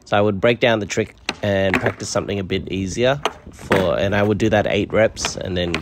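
Male skate vlogger, casual voice-over, hesitant delivery, low-ish voice, noisy recording. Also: moderate pace. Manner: hesitant, many fillers and restarts.

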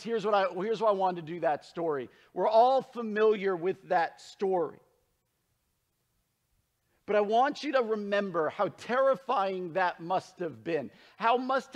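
Male pastor, sermon, high-pitched voice, earnest, emphatic, softens for scripture. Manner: earnest, emphatic preaching, dropping low and soft for scripture.

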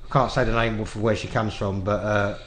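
A man's voice: lowish voice, flat delivery, brisk, a little hiss or hum. A man with a rambling, mock-sincere manner, trading crude insults as a podcast co-host. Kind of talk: crude comedy banter.

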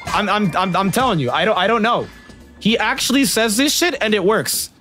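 A man's voice: high-pitched, expressive, normal speed, pushed and bright, soft background music. A man streaming a game and chatting with viewers, slangy and profane and laughing often. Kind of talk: casual livestream chat with viewers.

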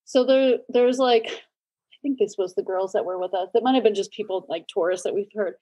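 A woman in her forties hosting a podcast, telling stories in a lively way with quick asides and frequent laughs. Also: mid-range voice. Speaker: podcast host. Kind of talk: casual chat.

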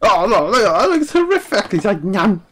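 A young man, excitedly commenting on a dinosaur game while he plays, laughing often and talking to the screen. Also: high-pitched, fast. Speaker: gaming YouTuber. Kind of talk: live gameplay commentary.

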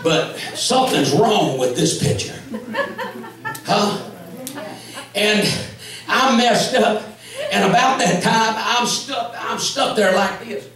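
A man with a Southern US accent preaching a testimony sermon, shouting and punctuating his story with "come on" and "amen.". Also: high-pitched, animated, slow, long pauses. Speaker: evangelist preacher. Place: church sanctuary. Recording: echoey church from far off.

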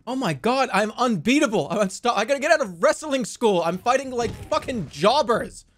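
A man streaming a game with excitable commentary, laughing and swearing often. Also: very high voice, brisk. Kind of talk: casual gameplay commentary.

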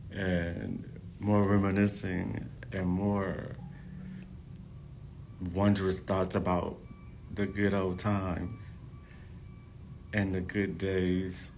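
Deep-voiced guy vlogging slow, all gushy and emotional, faint rumble behind. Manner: effusive, gushing, repeats phrases. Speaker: hairstylist. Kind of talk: emotional casual vlog to followers.

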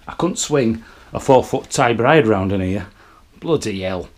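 A man's voice: fairly low pitch, animated, a little slow, hardly any pauses, dry recording. A middle-aged man with a Yorkshire accent, vlogging his travels in a grumbling, crude, swearing manner. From Yorkshire, England. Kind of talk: casual travel vlog. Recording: loud background noise, outdoors and in car.

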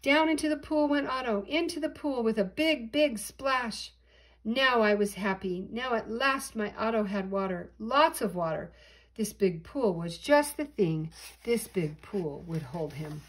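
An older woman reading a children's storybook aloud in an expressive, animated way. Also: mid-range voice, a little slow, low-quality recording.

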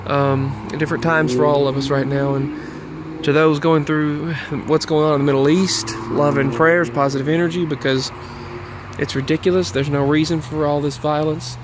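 A man's voice: fairly high pitch, level tone, moderate pace, noisy background. A man vlogging in a rambling, earnest monologue, out of breath, repeating himself as he talks. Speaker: YouTube vlogger.

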